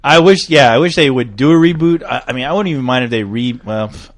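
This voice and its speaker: A man co-hosting a podcast in casual chat, excitable and profane, often laughing. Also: mid-range voice, quick pace. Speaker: podcast co-host.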